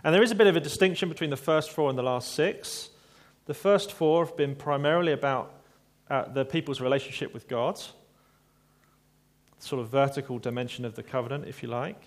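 Man, preacher, measured sermon, reflective, medium pitch.

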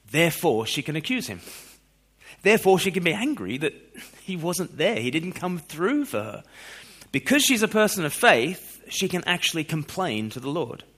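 A man preaching a sermon, expressive, moving between loud questions and quiet scripture reading. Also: fairly high pitch, breathy edge.

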